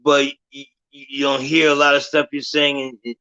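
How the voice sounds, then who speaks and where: Stream host guy talking slow and logical, kinda lecturing, muffled lo-fi audio. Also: mid-range voice. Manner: measured, lecturing, says he wants to stay calm and logical. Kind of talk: casual talk on a live stream.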